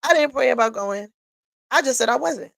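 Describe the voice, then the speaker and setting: A woman sharing a personal story on a livestream, candid and blunt, tearful and sniffling. Her voice has a gravelly edge, and the sound is dry and close. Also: high-pitched, expressive, moderate pace, fairly bright tone, no echo, rough recording. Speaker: livestream host. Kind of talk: personal testimony talk. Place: home workshop.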